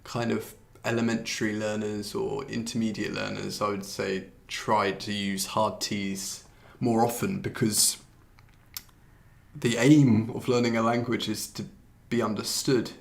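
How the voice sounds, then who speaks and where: A man, teaching pronunciation in a relaxed, chatty live stream, often restarting his sentences and swearing mildly at his computer. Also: on the low side, unhurried, vocal fry. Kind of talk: live-streamed lesson, answering viewer comments.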